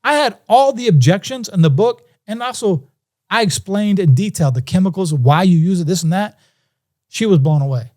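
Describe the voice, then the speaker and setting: His voice is high and his speed normal. The man, a podcast guest, relates a story in a relaxed, animated way, voicing the people he quotes.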